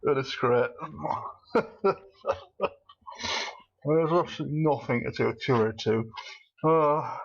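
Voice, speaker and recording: A husky-voiced man talks through a video game with a cold, rambling from one thought to the next and breaking into laughter. He sounds manic and all over the place. The recording is a little dull and muffled. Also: medium pitch, slow pace, pauses often. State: has a cold. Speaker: let's play commentator. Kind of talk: casual gameplay commentary.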